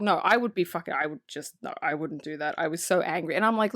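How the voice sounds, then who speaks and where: A woman co-hosting a podcast in a casual movie review chat, excited and swearing freely as she acts out quotes. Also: sits low, fast, few pauses, no echo, clean studio sound. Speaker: podcast co-host. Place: podcast recording space.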